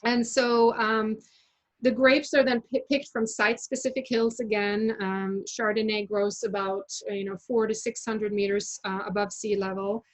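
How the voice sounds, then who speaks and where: A woman's voice: mid-range voice, flat delivery, moderate pace, rough recording. A woman leading a virtual wine tasting, talking casually with many fillers and restarts. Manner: chatty, many fillers and self-corrections. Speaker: winery representative leading a tasting. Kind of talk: casual presentation on a video call.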